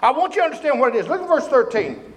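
A man preaching a sermon as a visiting preacher, emphatic and breaking into shouts. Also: very high-pitched, sing-song, rapid-fire. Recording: echoey room.

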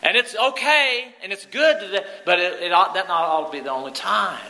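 A middle-aged pastor preaches a sermon in a high, sharp-toned voice at a fairly quick pace, earnestly asking the congregation many questions. The audio quality is poor.

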